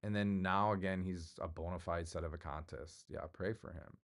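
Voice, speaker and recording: A man's voice: sits low, fairly even intonation, moderate pace. A middle-aged man hosting his own livestream, chatting casually in a rambling, jokey way and answering viewers. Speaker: livestream host.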